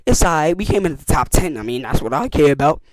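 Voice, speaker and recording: A teenage boy recounts camp stories for his channel in a slightly high, slangy voice. He jumps up in pitch and volume when he acts out what people said. The sound is close and dry, with no room around it. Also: expressive, fast talker, dry recording. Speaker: youtuber. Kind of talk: casual storytelling vlog.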